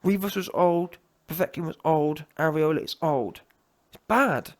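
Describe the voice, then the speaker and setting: A man's voice: fairly high pitch, unhurried. A man giving a heated, emphatic solo rant as a boxing commentator, often breaking off and restarting his sentences.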